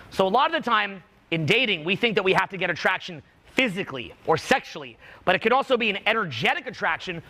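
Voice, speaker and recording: A man with a high, bright, forceful voice runs a live speaking workshop. He coaches with commanding energy, pushing a student to get louder.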